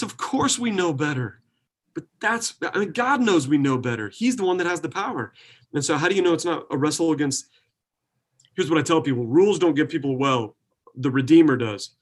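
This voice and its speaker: A young adult man, a pastor, talking earnestly in a relaxed preaching way, full of likes and restarts. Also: fairly high pitch, slightly rough. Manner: earnest, filler-heavy, with many likes and restarts. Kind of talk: casual preaching in conversation.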